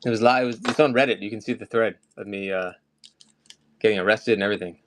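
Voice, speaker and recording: A man's voice: lowish voice, fast, noisy background. Rambling, chatty man selling collectibles live. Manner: rambling, chatty, often off topic. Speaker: live-stream collectibles seller. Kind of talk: casual live-stream chat.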